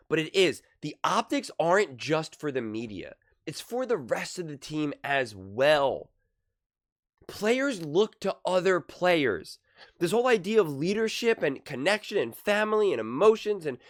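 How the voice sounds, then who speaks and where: A young man giving casual, emphatic sports commentary, often acting out what others say. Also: on the high side. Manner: animated, emphatic, acts out quoted voices. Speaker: commentator reacting to a sports debate show.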